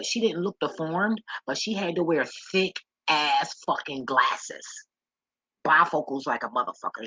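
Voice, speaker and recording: A woman's voice: deep voice, sharp tone, slightly rough, no echo, poor audio. A woman vlogger telling personal stories straight to the camera, frank and full of swearing, who repeats words when she gets emotional. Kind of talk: candid personal storytelling to camera.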